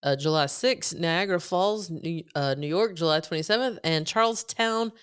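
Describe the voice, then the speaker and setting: A woman comedian co-hosting a podcast in casual chat, playful, laughing often, and quick to jump into stories. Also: on the low side, clean tone.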